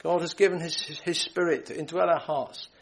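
A man preaching a gospel sermon, earnest and pleading, quoting scripture and often repeating phrases and clearing his throat. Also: on the high side, fairly even intonation, fairly quick, low-quality recording.

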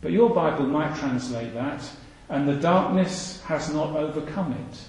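A man's voice: fairly high pitch, unhurried, a little mellow. A man preaching a sermon, earnest and full of rhetorical questions, repeating his phrases for emphasis. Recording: echoey hall reverb.

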